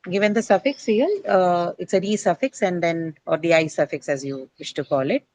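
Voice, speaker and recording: A woman's voice: on the low side, normal speed, a little mellow, no echo, low-quality recording. A woman teaching an English class, quizzing and correcting her students on word stress.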